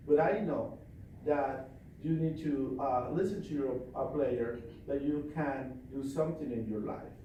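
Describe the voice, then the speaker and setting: Commanding male seminar trainer, forceful storyteller, distant echoey hall. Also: mid-range voice, measured pace, a little hiss or hum.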